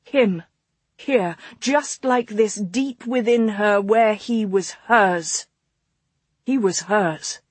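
A woman narrating a romance audiobook in a soft, slow, intimate read. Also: mid-range voice, slightly rough, dry recording.

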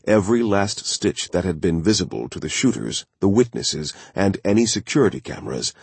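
A man narrating a thriller audiobook in a steady, measured storytelling voice, recorded close on a studio mic. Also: low-pitched, breathy edge, no echo.

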